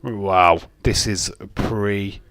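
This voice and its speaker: Speaking extremely slowly with fairly even intonation, a man with a fairly low, slightly bright voice commentates a wrestling watch-along live stream. He rambles casually, cracks jokes and reads out chat messages, and the recording is dry.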